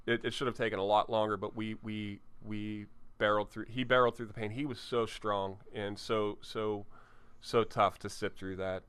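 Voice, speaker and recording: A man's voice: on the low side, fairly bright tone, clear, resonant tone. A tattoo artist telling candid, profane stories from his shop in an interview, often restarting his sentences. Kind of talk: storytelling in an interview. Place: tattoo studio.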